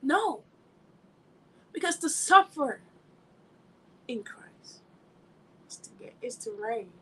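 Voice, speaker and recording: High, bright-voiced woman preaching. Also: big pitch swings, slow, breathy edge, poor audio. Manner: emphatic, conversational, laughs while telling stories. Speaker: ministry speaker. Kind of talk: informal sermon with personal anecdotes.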